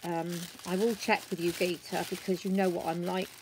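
A British woman chatting casually as she shows off craft gifts, croaky from the end of a cold and gushing over each item. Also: on the low side, flat delivery, moderate pace, noisy background. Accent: British English. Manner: gushing and warm, frequent ums, gasps with delight. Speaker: craft vlogger. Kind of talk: casual show-and-tell chat.

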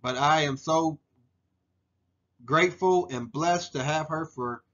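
A man's voice: fairly high pitch, slow, a bit bright, lo-fi sound. Earnest man in his forties presenting photos. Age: 40s. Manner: earnest and heartfelt, with frequent ums and restarts. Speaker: student presenter. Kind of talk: narrated photo slideshow presentation.

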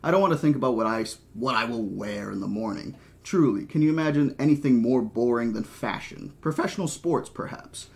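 Give me a man reading a talkative, lecturing mathematician, mid-pitched and dry. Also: expressive, brisk, vocal fry, few pauses, a little mellow. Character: wry, opinionated male mathematician.

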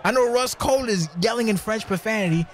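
Brash, high-voiced heckling color commentator man. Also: fast, a faint crowd. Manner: profane, heckling, yells insults at the wrestlers. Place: commentary booth.

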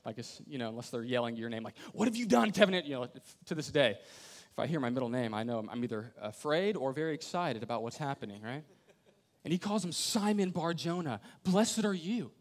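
A man's voice: medium pitch, a little fast. A young adult man preaching a sermon, acting out quoted voices and dropping to near whispers. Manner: animated storyteller, acts out quoted voices, drops to near whisper. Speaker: pastor.

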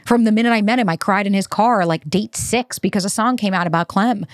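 A woman's voice: medium pitch, fairly quick, no echo, clean studio sound. A woman hosting a podcast, talking in a candid, conversational way in a casual monologue. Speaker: podcast host.

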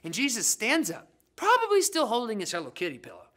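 A children's ministry leader tells kids a Bible story with playful drama, slang, and jokes. Her voice sits a little high and swings wildly in pitch, moving at a quick pace with a fairly bright tone.

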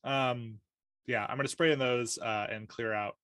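A man's voice: mid-range voice, steady tone, normal speed, fairly bright tone, smooth, no echo, studio quality. A man playing a tabletop game as host, talking casually with many fillers and easy laughter. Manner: filler-heavy, laughing easily. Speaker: host and player.

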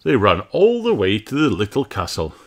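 A man reading a children's storybook aloud in a slow, gentle, sing-song way. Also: on the low side, wildly swooping pitch. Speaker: storybook reader. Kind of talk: children's read-aloud narration. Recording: loud background noise.

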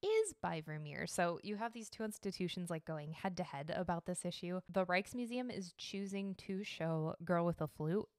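A woman hosts a casual podcast from home, rambling along in a chatty, offhand way and swearing freely. Her voice sits a little low for a woman, and the sound is close and dry, with little room around it. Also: expressive, normal speed, few pauses, darkish tone, no room sound. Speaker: podcast host. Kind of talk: casual solo podcast chat.

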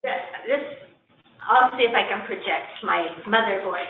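A woman's voice: mid-range voice, normal speed. A woman committee member sharing an observation in a meeting discussion, talking earnestly and thinking aloud. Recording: echoey room, phone-like, faint noise.

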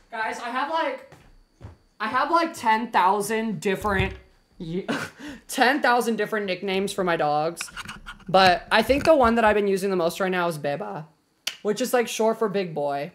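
A man's voice: high voice, lively intonation, normal speed, fairly bright tone. A young man streaming a game live, chatting casually and gushing at his dogs in baby talk. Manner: playful, lots of fillers.

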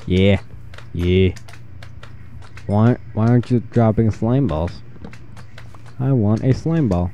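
A man narrating his own gameplay in a loose, rambling way, cracking jokes and reacting jumpily to what happens on screen. His voice sits a little low and sounds mellow and soft-edged. A faint hum of noise runs underneath. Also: a little slow, long pauses, lo-fi sound. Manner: rambling, jokey, jumpy reactions. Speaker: gaming channel host. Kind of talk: casual gameplay commentary.

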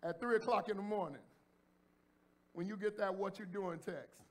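A pastor preaching a sermon in a church. He talks straight to the congregation in a casual way and repeats phrases as he builds to shouts. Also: sits high, steady tone, normal speed. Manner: addresses the congregation directly and informally. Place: church sanctuary before a congregation.

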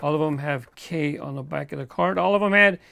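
A man with a fairly high, gravelly voice talks casually through an unboxing, easygoing and chatty. His voice sounds close and dry, with no room around it. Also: fairly quick, pushed and bright, dry recording. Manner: chatty, easygoing, chuckles between remarks. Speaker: toy car collector host.

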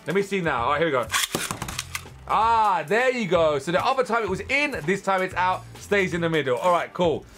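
A young man, chatting casually and exclaiming loudly as he unboxes and tests spinning-top toys. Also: high voice, brisk, soft background music. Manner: excitable, chatty, exclaims loudly at toy battles. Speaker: toy reviewer. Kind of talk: casual unboxing and testing commentary.

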